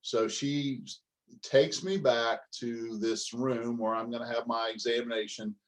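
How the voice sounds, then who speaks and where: A man's voice: mid-range voice, steady tone, measured pace, rough recording. An older man, a business coach, telling a story in a folksy, humorous way during a motivational talk.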